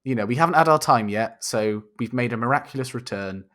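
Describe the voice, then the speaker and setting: A man's voice: medium pitch, a little fast, a bit bright, slight background noise. A young man co-hosting a casual podcast over a video call, bantering and laughing a lot. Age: young adult. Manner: joking, bantering, laughs often. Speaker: podcast co-host. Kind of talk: casual chat.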